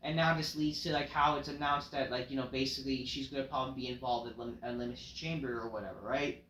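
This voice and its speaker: A man's voice: medium pitch, fairly even intonation, fast, fairly bright tone, reverberant, slight background noise, rough recording. A man casually recapping a wrestling show in a rambling, offhand way, full of fillers.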